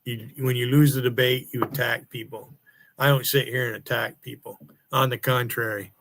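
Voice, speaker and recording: Speaking at a moderate pace in a mid-range, fairly bright voice, a livestreamer delivers a flat-toned but angry, profane rant. He taunts and swears at rival streamers and people in chat.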